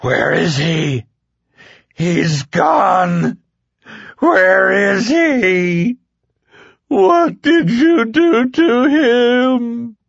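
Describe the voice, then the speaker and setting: A man voicing a ruined, radiation-sick man who is childlike and ecstatic, speaking slowly with a bubbling, pleading manner. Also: very high voice, very animated, vocal fry, no room sound, highs cut off, voice pushed up, exaggerated voice. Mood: anguished. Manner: slow, bubbling, pleading delivery.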